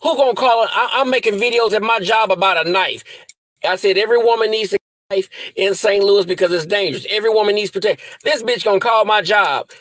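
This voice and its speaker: A man's voice: high-pitched, fast talker, fairly bright tone, low-quality recording. A man ranting angrily to his viewers, profane and threatening, repeating insults over and over. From US Midwest. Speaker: vlogger. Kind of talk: angry rant to camera.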